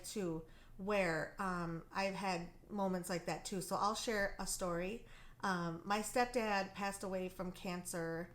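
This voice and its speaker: A woman from Wisconsin, co-hosting a talk show, sharing a personal story in an earnest, animated way. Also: mid-range voice. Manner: earnest, animated, many ums. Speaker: co-host. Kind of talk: casual storytelling.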